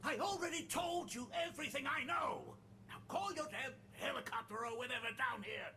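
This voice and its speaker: A man's voice: extremely high pitch, normal speed, pushed and bright, a little hiss or hum, heavily acted. An actor playing a trapped man in a video game who coughs and pleads desperately to be rescued. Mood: frantic. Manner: interrupted by coughing fits.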